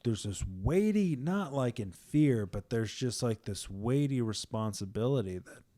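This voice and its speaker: On his podcast, a man talks casually and with feeling about faith, leaning on fillers like "man" and "like" and sometimes dropping to a hush. His voice is medium-pitched, expressive, and unhurried.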